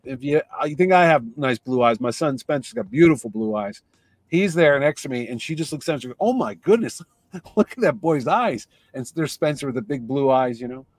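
A man telling a lively anecdote in casual conversation, acting out the voices of the people in his story. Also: medium pitch, fast, dry recording. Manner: animated anecdote teller, acts out voices in quotes. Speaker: comic convention organizer.

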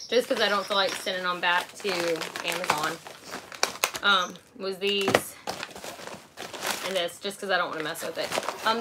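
A woman's voice: on the low side, bright, forceful tone. A woman hosting a casual live haul chat at home, rambling along with lots of "um" and "like" as she shows her purchases. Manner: rambling, heavy with fillers like "um" and "like". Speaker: channel host showing purchases. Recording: clear background noise.

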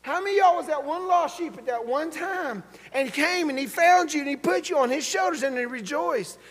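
Speaking a little fast, a pastor with an extremely high, slightly bright voice preaches fervently in a church sanctuary, calling on the congregation for amens. Long reverb from the church hall is audible.

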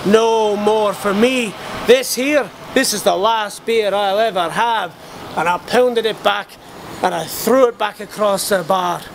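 An actor playing a rambling middle-aged drunk, ranting mock-profound comic wisdom. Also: male voice, high-pitched, unhurried, vocal fry, a little hiss or hum. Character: boozy rambling middle-aged male pub philosopher. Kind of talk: comic monologue.

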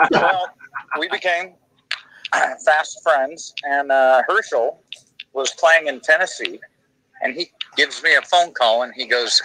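A man, a guest bass player, telling rambling anecdotes in casual chat with many fillers. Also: pushed and bright, no echo, poor audio. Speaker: guest bassist.

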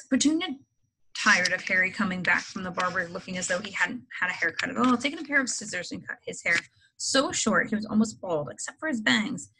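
A woman reading a novel aloud with expressive storybook narration. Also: fairly low pitch, a little hiss or hum, poor audio. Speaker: reader.

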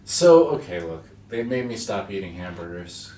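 A low-pitched man rambles through jokey anecdotes, acting out the lines of the people in them. He sounds set back from the mic in a reverberant room, with faint background noise. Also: big pitch swings, moderate pace, warm tone. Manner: rambling, jokey storyteller who acts out quotes. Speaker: actor and screenwriter guest. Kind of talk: casual interview chat. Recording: echoey room, distant mic, light noise.

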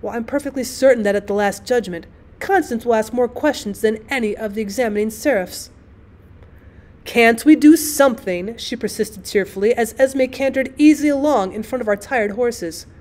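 A woman teacher reads a classic short story aloud as an audiobook, telling it expressively and dramatically. Her voice is fairly high and brisk.

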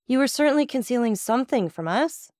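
A woman's voice: on the high side, expressive, brisk, a little mellow, no room sound, clean studio sound, pitched above the performer's own voice, natural voice. A woman reading the lines of an affectionate, anxious young wife in an audiobook, earnest and pleading.

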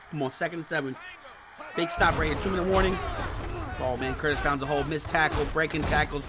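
A man doing casual, slangy commentary over a football video game, muttering low one moment and shouting with excitement the next. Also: brisk, long pauses, slight background noise. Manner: casual slangy trash talk. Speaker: gaming channel host. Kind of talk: live gameplay commentary.

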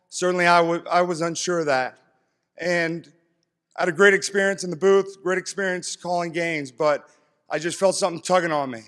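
Man, 30s, from East Tennessee, acceptance speech, heartfelt, slightly high voice, long hall reverb. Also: a bit bright. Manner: earnest, heartfelt storytelling. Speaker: honoree giving an acceptance speech. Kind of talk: speech to an audience.

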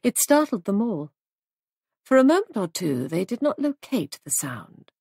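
A woman narrating a mystery audiobook in a measured storytelling manner, recorded close to the mic. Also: mid-range voice, sing-song, creaky, darkish tone, husky, no room sound.

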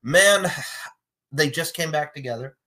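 A man hosting a casual chat, animated and joking, with sudden loud bursts. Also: a little high, slow. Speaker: podcast host predicting wrestling matches.

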